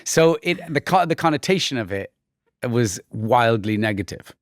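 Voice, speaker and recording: Welsh actor type, 40s, middle-range voice, musing interview answers, dry close sound. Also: male voice, mid-range voice, animated, normal speed, no echo. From Wales. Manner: thoughtful, with frequent restarts and mimicked voices. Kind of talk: relaxed conversational interview.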